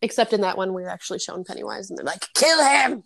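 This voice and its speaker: A woman's voice: medium pitch, fairly even intonation, racing, gravelly, breathy edge. A young woman co-hosting a podcast, chatting about a movie, swearing freely and reacting with laughs and gasps. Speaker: podcast co-host. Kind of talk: casual movie recap chat.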